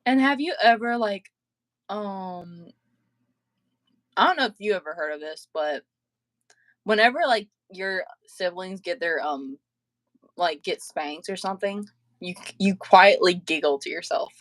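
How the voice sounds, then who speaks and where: A woman's voice: fairly low pitch, measured pace, long pauses, dry recording. Chatty woman livestream host, dry sound. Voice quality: filler-heavy, laughs often while telling stories. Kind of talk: casual chat.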